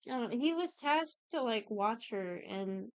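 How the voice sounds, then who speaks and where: Speaking a little high with lively intonation and no echo, a young woman casually recaps a TV series as a podcast co-host. She rambles, swears, and frequently acts out the characters' lines in quick asides.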